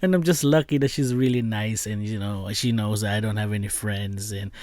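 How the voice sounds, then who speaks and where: A man's voice: lowish voice, fairly even intonation, brisk, darkish tone, dry recording. A young man who is not a native English speaker, telling a story as a podcast host, rambling with lots of fillers and laughs. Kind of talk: casual storytelling chat.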